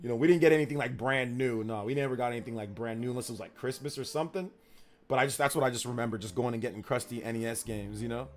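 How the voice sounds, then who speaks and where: A man's voice: medium pitch, very fast. A man in his thirties chatting casually with his live-stream audience, rambling and slangy, repeating himself. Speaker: streamer reading chat.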